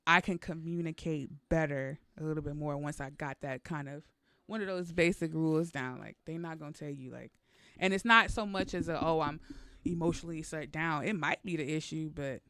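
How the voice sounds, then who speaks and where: A woman's voice: low-pitched, moderate pace, fairly bright tone, smooth, dry recording. A woman co-hosting a podcast, talking candidly and animatedly, laughing often as she makes her point. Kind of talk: casual chat.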